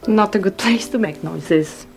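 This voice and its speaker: A woman's voice: medium pitch, measured pace, vocal fry, darkish tone. A struggling Bosnian mother. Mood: guarded. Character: poor Bosnian mother, woman, struggling, guarded. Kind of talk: film dialogue. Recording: film clip with music behind.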